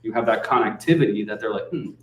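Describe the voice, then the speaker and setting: A man's voice: fairly low pitch, fast talker, slight background noise. A man giving a casual, conversational talk as a guest speaker at a real estate meetup. He swears now and then and keeps checking in with "right?". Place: meetup room. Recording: echoey room, distant mic.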